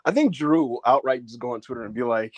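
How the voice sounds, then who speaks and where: Male co-host, animated and lively, cursing and laughing, dry close recording. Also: mid-range voice, quick pace, no echo, highs cut off. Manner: animated, laughing, swears freely. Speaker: podcast co-host. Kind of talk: casual chat.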